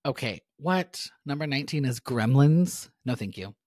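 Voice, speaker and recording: A woman's voice: extremely low pitch, lively intonation, normal speed, a little mellow, no echo. A woman co-hosting a podcast, reading out a list of movies and giving dry, understated reactions in casual chat. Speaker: podcast co-host.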